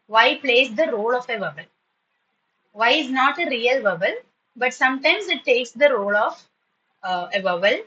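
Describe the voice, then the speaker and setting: A woman teaching spoken to school students in an online class, patiently repeating words slowly to model their pronunciation. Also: on the high side, sharp tone, muffled recording.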